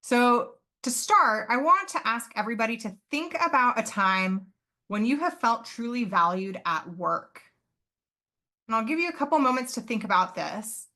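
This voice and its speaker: Wanita dosen cerah yang berbicara saksama. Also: female voice, on the high side, expressive, moderate pace, sharp tone. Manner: earnest, explanatory, with fillers and self-corrections. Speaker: psychology professor and presenter. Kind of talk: live online conference presentation.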